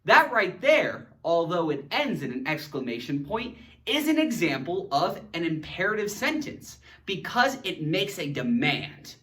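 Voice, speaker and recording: A man teaches grammar in a playful, theatrical way, hamming up his example sentences. His voice sits high and leaps all over the place, and he talks slowly. He is heard a little distant from the microphone. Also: very animated, pushed and bright. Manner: theatrical, jokey, acting out silly example sentences. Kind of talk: animated educational video lesson.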